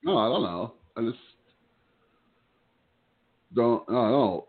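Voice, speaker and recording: A man from Indiana co-hosting a podcast, talking in casual chat with dry, profane, deadpan quips. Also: mid-range voice, slow. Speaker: podcast co-host. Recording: tinny phone-like audio.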